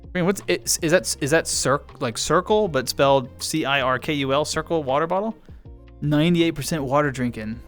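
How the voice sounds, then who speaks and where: A man's voice: fairly high pitch, moderate pace, a bit bright, soft background music. Chatty man streaming live. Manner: chatty, reads chat aloud and answers viewers, laughs often. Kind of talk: casual live-stream chat.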